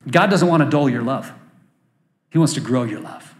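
A man's voice: mid-range voice, lively intonation, normal speed, roomy sound. A man preaching a sermon, telling a story with energy and acting out the voices of the people in it. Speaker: pastor. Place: church.

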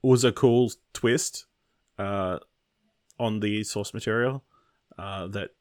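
A man co-hosting a casual film podcast, laid-back and often trailing off quietly. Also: on the low side, takes it slowly, no room sound, clean studio sound. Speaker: podcast co-host.

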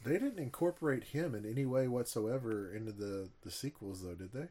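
A man's voice: mid-range voice, lively intonation, a little fast, mellow. A man in casual conversation who often hesitates and searches for words. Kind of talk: casual chat.

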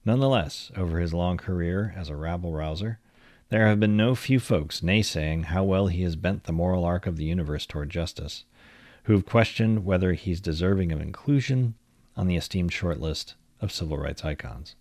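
A man reading a long-form magazine feature aloud in a measured, literary storytelling manner. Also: deep voice, darkish tone, no echo. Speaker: narrator.

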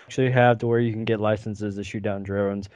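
A man co-hosting a casual podcast, animated and swearing as he talks. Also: lowish voice, brisk, smooth, no room sound. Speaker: podcast co-host.

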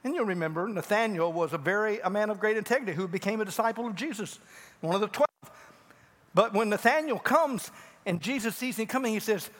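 A man preaching a sermon as pastor, telling a Bible story and acting out the speakers with big swings in pitch. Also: a little fast, fairly bright tone. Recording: long hall reverb.

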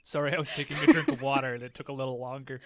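A man co-hosting a podcast, recapping a show in a deadpan way and sometimes acting out the characters' lines. His voice is bright and forward, recorded close and dry with no room sound. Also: mid-range voice, very fast, dry recording. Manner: deadpan, acts out quoted lines. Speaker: podcast co-host. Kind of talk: casual chat recapping a TV episode.

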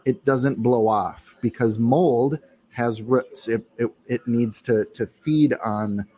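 A man co-hosting a casual talk show, explaining in a relaxed, matter-of-fact way. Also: medium pitch, slow pace. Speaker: podcast co-host. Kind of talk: casual chat.

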